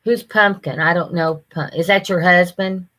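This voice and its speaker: A woman's voice: fairly low pitch, steady tone, moderate pace, fairly bright tone. An older woman hosting a casual live stream, chatting with viewers and greeting them by name, often laughing.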